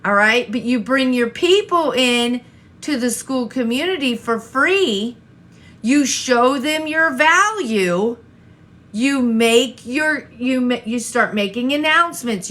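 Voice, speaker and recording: A woman's voice: on the high side, lively intonation, slow pace, fairly bright tone. A woman coaching an online audience, talking straight to viewers and firing rhetorical questions, often repeating herself. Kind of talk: live-stream coaching talk.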